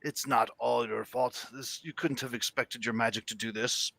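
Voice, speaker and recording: Man voicing a dwarf brewery owner, red beard, earnest, deliberate, dry close sound. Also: mid-range voice, fairly even intonation, gravelly, bright, forceful tone, dry recording.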